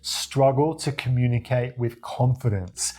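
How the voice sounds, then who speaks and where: A man from Australia with a deep voice, coaching viewers on confident speaking in a demonstrative, animated way. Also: a little slow. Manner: demonstrative, animated, acts out examples with his voice. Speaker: communication coach. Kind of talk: talking-head tutorial to camera.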